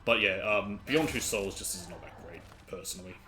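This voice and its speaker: A young man chatting casually to his stream while playing, rambling with quick asides. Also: sits low, pushed and bright. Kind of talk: casual gameplay commentary.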